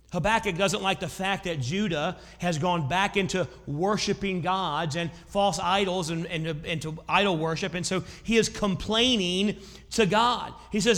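A man preaching a sermon as pastor, growing loud and intense when he voices prayers. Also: high-pitched, normal speed, long reverb tail.

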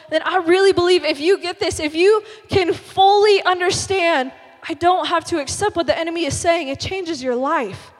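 High-voiced young woman preaching in a hall. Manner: animated, chatty, emphatic. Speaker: youth speaker. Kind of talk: sermon. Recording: long reverb of a large hall.

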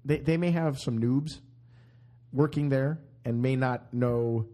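A man's voice: mid-range voice, slow. A man hosting a podcast in casual banter, telling stories with jokes. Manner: joking, animated storyteller. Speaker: podcast host.

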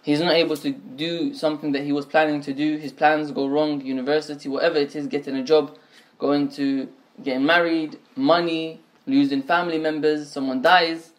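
A man's voice: a little high, little pitch movement, normal speed. A man teaching a religious lesson, explaining points step by step, often restating phrases and mixing in Arabic terms. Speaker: Islamic teacher.

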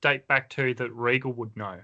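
A man's voice: mid-range voice, steady tone, moderate pace, pushed and bright, lo-fi sound. A man co-hosting a casual wrestling podcast, moving the talk along and asking questions. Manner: steers the talk, asks questions. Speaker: podcast co-host.

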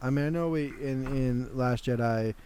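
A man's voice: medium pitch, moderate pace, dark tone, slight background noise. A man co-hosting a podcast, musing casually and trailing off into asides. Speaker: podcast co-host. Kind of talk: casual chat.

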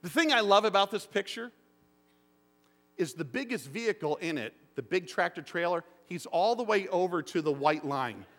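A man's voice: high voice, normal speed. Man pastor preaching in a reverberant church. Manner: animated storytelling with voiced quotes. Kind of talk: sermon. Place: church sanctuary. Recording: long hall reverb.

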